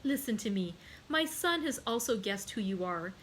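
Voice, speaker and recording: A woman's voice: mid-range voice, expressive, normal speed, fairly bright tone, a little hiss or hum, natural voice, low-quality recording. A woman reading aloud and voicing a despairing noblewoman and mother who pleads passionately for her son. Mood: pleading. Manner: pleading, raised and impassioned.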